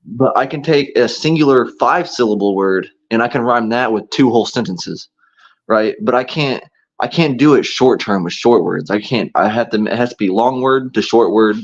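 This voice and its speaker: A man's voice: mid-range voice, moderate pace. A man chatting casually as a podcast co-host, rambling loosely with fillers and restarts. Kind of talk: casual chat. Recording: dull, muffled lo-fi sound.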